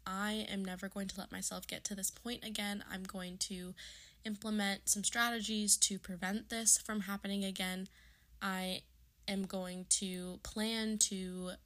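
A woman's voice: mid-range voice, fairly bright tone. A woman in her early twenties hosting her own podcast, talking in an earnest, chatty way with plenty of fillers. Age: 20s. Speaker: podcast host. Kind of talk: casual podcast monologue.

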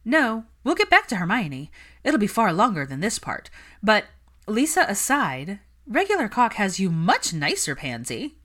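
A wry, bantering young witch, pitched well above the reader's usual voice and louder, as a woman puts her on. She jumps around in pitch with animated, playful inflection. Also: measured pace, heavily acted.

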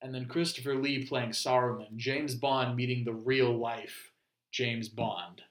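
A man co-hosting a casual podcast chat, telling animated stories and slipping into mock impressions. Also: mid-range voice, measured pace, reverberant. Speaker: podcast co-host.

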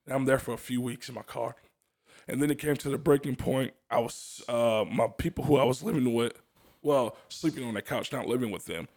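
Here a young man's medium-pitched, slightly mellow voice moves briskly as he relates his testimony in an informal chat. He's earnest throughout, laughs a lot, and often begins again mid-thought.

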